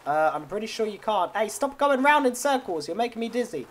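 This is an excitable young man, narrating his own game role-play as a tow truck driver. His voice sits fairly high for a man, and he teases the other players and laughs easily. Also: fairly quick. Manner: excitable, teasing, laughs often. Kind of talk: role-play gameplay commentary.

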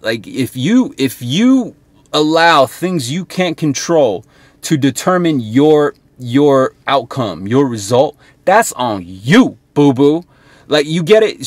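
A man's voice: fairly high pitch, dry recording. Blunt, profane man giving a motivational rant. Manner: blunt, heavily profane, keeps checking in with "right?". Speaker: motivational sales coach.

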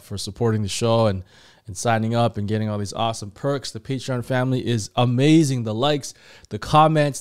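A man at a middle pitch hosts a movie reaction show. He chats casually and excitedly with his viewers. He rambles, restarts sentences and fills his pauses. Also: clean tone. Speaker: host of a movie reaction channel.

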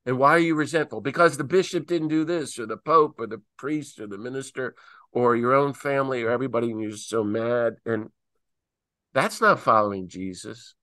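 A middle-aged man, a priest and peace activist, telling stories animatedly and acting out quotes with big swings in pitch, on a video call. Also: a little fast, bright, forceful tone, no echo, clean studio sound. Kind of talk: animated talk answering questions.

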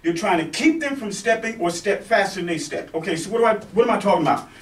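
A man's voice: sits high, lively intonation, fast. A man teaching street self-defense, demonstrating on a partner and checking in with "okay?" and "right?" as he goes. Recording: echoey room, mic far off.

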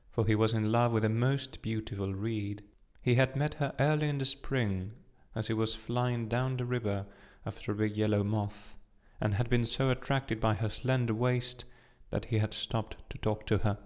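A man reading a fairy tale aloud as an audiobook narrator, measured and expressive. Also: fairly low pitch. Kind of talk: scripted storybook narration.

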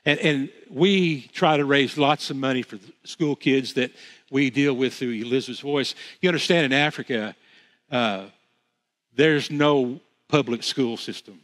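A man's voice: medium pitch, measured pace, a bit bright. A man preaching a sermon as pastor, earnest, repeating phrases for emphasis with frequent restarts. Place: church sanctuary. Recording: long reverb of a church hall.

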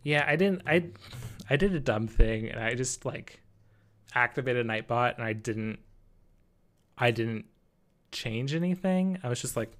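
A man's voice: mid-range voice, lively intonation, a little slow, pauses often, a bit bright. A male streamer chatting casually while gaming, apologetic and flustered, laughing often and answering chat.

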